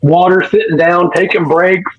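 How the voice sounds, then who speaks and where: A man, co-hosting a barbecue chat and telling an animated story, laughing often. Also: sits high, moderate pace, muffled recording, over a noisy crowd. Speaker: barbecue podcast co-host.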